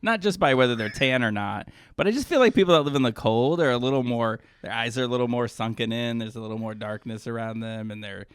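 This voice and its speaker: A man's voice: medium pitch, fast talker, hardly any pauses, clean tone, dry recording. A man co-hosting a podcast, chatting casually and playfully, rambling and giggling as he talks. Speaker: podcast co-host. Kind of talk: casual chat about TV shows.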